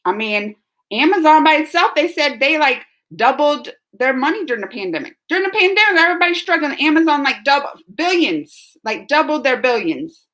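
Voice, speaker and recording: A woman's voice: sits high, big pitch swings, fairly quick, fairly bright tone. A woman hosting a casual live reaction stream, reading viewer comments aloud in a chatty way and laughing often. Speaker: reaction channel host.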